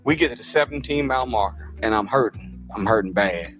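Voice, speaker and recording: A man's voice: lowish voice, brisk, faint music behind. A man telling a motivational story, acting out quotes and returning to a refrain. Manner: animated storyteller, acts out quotes, repeats a refrain.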